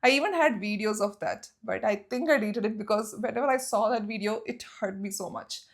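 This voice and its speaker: A young woman vlogger telling a story to her viewers in casual chat, animated and exclaiming, often turning to them with rhetorical questions. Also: medium pitch, fairly quick.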